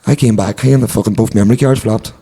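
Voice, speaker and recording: Man, excitable casual chat, stumbles over words, dark mellow tone. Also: lowish voice, quick pace, breathy edge. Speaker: podcast co-host.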